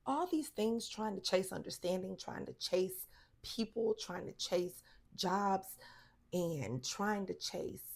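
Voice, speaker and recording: A woman with a mid-range voice talks straight to camera in a casual advice vlog. She is blunt and sassy, and her voice jumps up for emphasis. At times she slows down and goes quiet and calm to drive a point home. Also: mid-range voice. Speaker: lifestyle advice vlogger.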